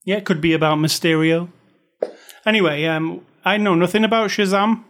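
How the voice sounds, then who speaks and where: A man's voice: high voice, moderate pace, a bit bright. Chatty man hosting a movie podcast. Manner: chatty, joking, reads aloud with dramatic stress. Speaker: podcast host. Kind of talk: casual chat.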